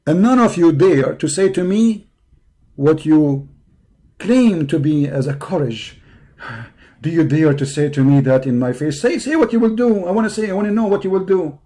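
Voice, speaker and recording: An online debate show host with a hoarse, slightly high, mellow voice delivers a heated polemical monologue at a moderate pace. He is taunting and confrontational, repeating insults over and over. It's a live stream with a poor connection.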